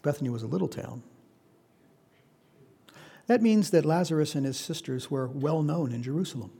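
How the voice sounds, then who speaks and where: Gravelly-voiced man teaching a sermon. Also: a little high, normal speed, dark tone. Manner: conversational, asks the listeners questions. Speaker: pastor.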